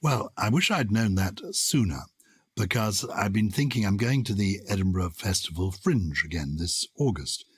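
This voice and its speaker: A man's voice: fairly low pitch, lively intonation, normal speed, breathy edge, no echo, studio quality. An older man co-hosting a podcast, jovial and self-mocking, with a theatrical way of talking. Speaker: co-host. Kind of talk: conversational podcast chat.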